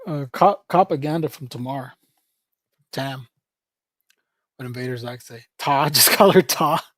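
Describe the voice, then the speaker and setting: A man's voice: medium pitch, measured pace, fairly bright tone, no echo, studio quality. A man livestreaming in a casual, rambling chat, joking with viewers, laughing often and calling people "bro".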